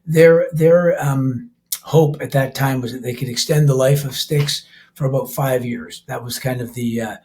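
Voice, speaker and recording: A man's voice: mid-range voice, steady tone, moderate pace, a little mellow. An older man, a rock musician, talking casually as a podcast guest, rambling with frequent restarts and laughing easily. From Canada. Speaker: rock band vocalist and keyboardist, guest. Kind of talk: casual interview talk.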